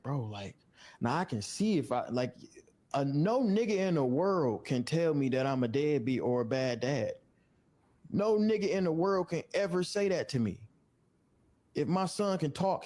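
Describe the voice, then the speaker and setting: Male interviewee, mid pitch, blunt and profane, frustrated venting. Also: a little mellow. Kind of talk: candid interview talk.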